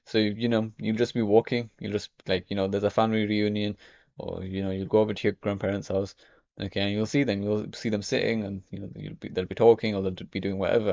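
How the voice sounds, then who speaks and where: A young man chats to the camera in a low voice with a gravelly fry. He rambles on with plenty of "you know" and "okay". The recording is dry and a little dull, like lo-fi home audio. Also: a little mellow, dry recording. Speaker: vlogger. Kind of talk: casual talk to camera.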